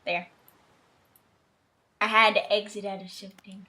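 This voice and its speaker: A woman's voice: medium pitch, flat delivery, measured pace, pushed and bright. A woman streamer chatting casually while gaming, self-mocking and swearing freely. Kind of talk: casual game streaming chat.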